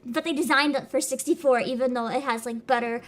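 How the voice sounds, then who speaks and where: A young adult woman streaming live, ranting loudly with swearing and laughter while greeting her chat. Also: high-pitched, fairly even intonation, fairly quick. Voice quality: avatar anime streamer voice. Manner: loud, laughing, swearing rants.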